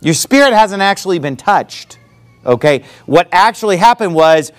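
A man preaching a sermon, talking in an animated way and sometimes mocking other preachers. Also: sits high, moderate pace. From not from the American South.

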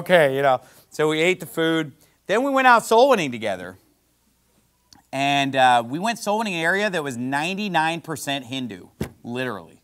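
A man from the United States, a preacher, telling a travel story in an animated way and acting out the people he quotes. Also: fairly high pitch. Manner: animated, quotes others in lively voices. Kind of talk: storytelling sermon.

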